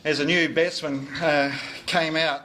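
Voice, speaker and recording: A man's voice: fairly high pitch, fairly even intonation, unhurried, bright, forceful tone, slight background noise. A middle-aged man, giving a jovial, teasing after-dinner speech as club sergeant at a lunch. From New Zealand. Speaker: club sergeant collecting fines. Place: dining room at a club lunch.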